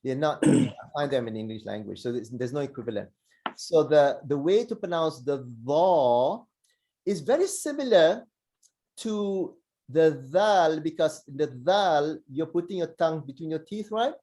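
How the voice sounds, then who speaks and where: Male teacher, slightly higher voice, mellow tone; patient, encouraging, demonstrates sounds slowly over a call. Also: expressive. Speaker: Arabic letters teacher. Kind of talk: online pronunciation lesson.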